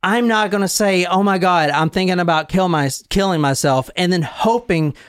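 A man's voice: high-pitched, moderate pace, clean tone, dry recording. A man hosting a podcast, ranting heatedly and swearing freely in a casual chat, speaking into a studio mic. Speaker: podcast host.

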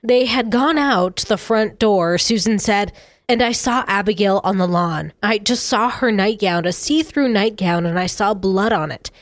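A woman co-hosts a true crime talk, reading witness statements in a slow, grave way. Her middle-pitched voice is recorded dry and close. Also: no room sound. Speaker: co-host.

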